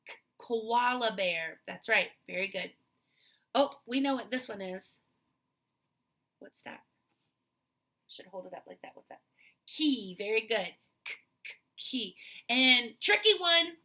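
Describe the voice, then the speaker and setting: A woman's voice: fairly high pitch, a little slow, long pauses, pushed and bright. A woman teacher giving an online lesson to young children, cheerful and coaxing with many questions, speaking into a laptop mic.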